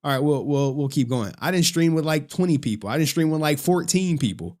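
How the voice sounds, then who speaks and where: A man's voice: on the high side, animated, fairly quick, darkish tone. A man chatting casually on a live stream, talking straight to his chat in a loose, profane way and laughing often.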